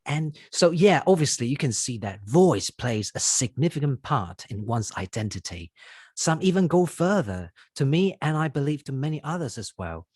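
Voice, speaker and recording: A host asks questions in a lively, sing-song way, the pitch rising and falling a lot. The voice is slightly husky and sits close to the mic in a dry, dead room. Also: normal speed, no room sound. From Taiwan. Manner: curious, encouraging, laughs along. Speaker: podcast host, interviewer. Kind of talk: casual interview chat.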